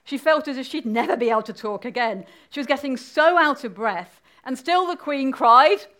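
A woman's voice: on the high side, lively intonation, normal speed, hardly any pauses, fairly bright tone. A woman speaking at a church service, telling a story in a friendly way and inviting the audience to join in.

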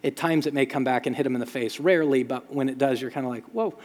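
Animated male preacher in a reverberant hall. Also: mid-range voice, quick pace. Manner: animated storytelling with shouted sound effects. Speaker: pastor. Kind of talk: sermon.

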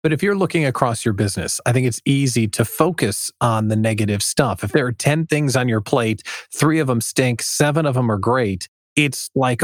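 A man's voice: mid-range voice, expressive, normal speed, hardly any pauses, no room sound, clean studio sound. A man hosting a business podcast, talking in a conversational way and leading with questions. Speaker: podcast host. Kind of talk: podcast interview.

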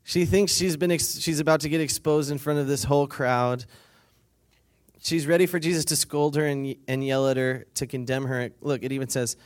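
Preaching to a weekend retreat crowd, this man speaks at a moderate pace with a fairly high pitch and fairly even intonation. He reads a scripture passage, recasts it in his own relaxed words while acting out its people, and laughs along as he prompts listeners to call lines back.

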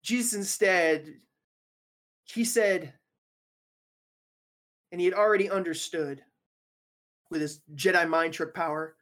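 A woman's voice: on the low side, slow, pauses often, fairly bright tone. A woman preaching a casual sermon, talking conversationally with joking, slangy asides.

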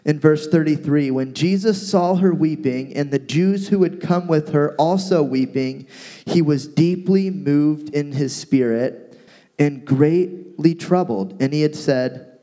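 A man co-hosting a casual talk, retelling a Bible story with playful asides and lively paraphrase. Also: fairly high pitch, a little slow. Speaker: podcast co-host teaching from the Bible. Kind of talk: casual Bible teaching chat.

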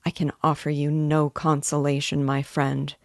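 Brief: woman reading a gentle grieving young friend, low and dry, tender. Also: completely flat delivery, moderate pace, no room sound. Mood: anxious.

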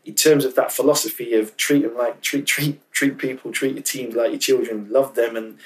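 A man's voice: mid-range voice, steady tone, moderate pace, recorded from a distance, rough recording. A man speaking as a podcast guest, candid and emotional, often restarting and repeating words as he talks. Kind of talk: casual interview chat.

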